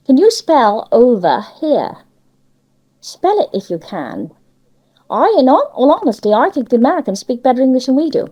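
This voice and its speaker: A woman's voice: high voice, sing-song, moderate pace, dark tone, lo-fi sound. An older woman with a Cornish accent, chatting in an interview and giving emphatic opinions. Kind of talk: casual conversation.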